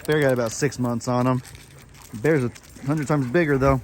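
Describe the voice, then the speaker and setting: A man's voice: fairly even intonation, moderate pace, a little mellow, slight background noise. A man vlogging casually, chatting about his dogs and the farm. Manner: chatty, talks to his dogs in a high coaxing voice. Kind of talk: casual vlog chat.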